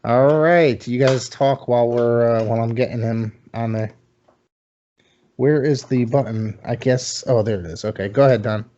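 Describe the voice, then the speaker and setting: A man's voice: mid-range voice, normal speed, dark tone. A man co-hosting a casual podcast chat, easygoing and joking. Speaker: podcast co-host. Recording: lo-fi call audio with faint noise.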